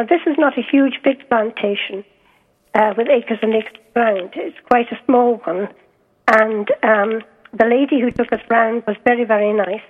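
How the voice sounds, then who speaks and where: A woman's voice: fairly high pitch, slightly rough. Scottish woman author on a phone line. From Scotland. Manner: hesitant, many ums and restarts. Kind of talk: interview over the phone.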